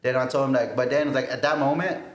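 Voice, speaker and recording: A man in his twenties telling a story on a casual podcast, animated and laughing often. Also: medium pitch, fast, reverberant. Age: 20s. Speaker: podcast co-host.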